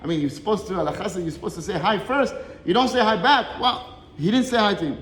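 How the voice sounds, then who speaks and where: A man giving a short Torah lesson, telling a Talmud story with lively swings between Hebrew quotes and English explanation. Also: sits high, fast, reverberant, long reverb tail, slight background noise. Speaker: Torah teacher.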